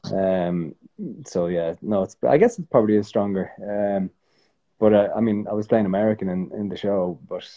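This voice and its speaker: An Irish man talking casually as a guest in an interview, relaxed and rambling, with many fillers and restarts. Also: fairly low pitch, moderate pace, highs cut off. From Ireland.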